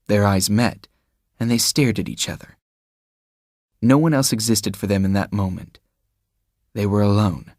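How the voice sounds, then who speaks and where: A man narrating an audiobook in a steady, measured storytelling manner on a close mic. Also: lowish voice, no room sound. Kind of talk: scripted narration.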